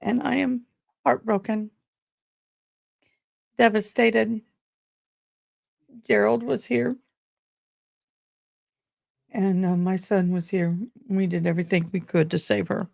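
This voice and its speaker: A middle-aged woman hosting a casual livestream about court cases, speaking haltingly with many pauses, grieving and close to tears. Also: mid-range voice, level tone, gravelly, darkish tone, dry recording. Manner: halting, pausing often with ums. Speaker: courtroom commentary host.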